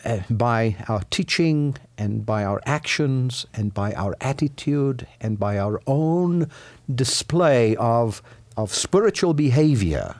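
A man's voice: expressive, slow pace, darkish tone, dry recording. Earnest psychologist man with a swooping voice. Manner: earnest, explanatory, voice swooping high and low. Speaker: psychologist guest. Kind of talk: radio interview.

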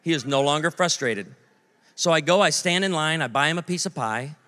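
A man's voice: fairly high pitch, expressive, brisk, sharp tone. A man in his forties preaching a sermon, telling stories with comic voices and asides to the audience. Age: 40s. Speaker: pastor. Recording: long hall reverb.

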